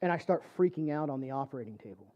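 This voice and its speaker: A man's voice: on the high side, animated, racing, highs cut off. A man preaching a personal testimony sermon, telling his story conversationally with lots of fillers. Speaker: church speaker.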